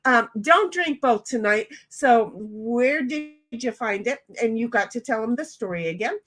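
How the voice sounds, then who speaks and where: A high-pitched woman hosts a game stream and chats casually. She rambles, laughs often and reads viewers' messages aloud with loud, bubbly greetings. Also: lively intonation, unhurried. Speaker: stream host. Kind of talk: casual chat while reading live chat aloud.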